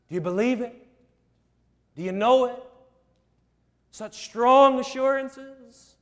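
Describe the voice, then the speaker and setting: A man preaching a sermon, slow and emphatic, with repeated rhetorical questions. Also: very high voice, long reverb tail.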